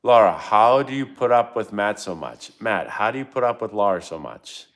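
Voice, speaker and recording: Here the former pro baseball player, now a middle-aged channel host, sounds fairly low-pitched and bright, animated at a moderate pace. He runs a laid-back live-stream Q&A full of wandering, self-interrupting anecdotes.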